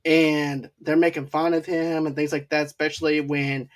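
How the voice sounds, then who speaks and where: A man's voice: on the high side, level tone. A man hosting a casual movie review podcast, rambling through plot recaps. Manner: rambling plot recaps with quick acted quotes. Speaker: podcast host.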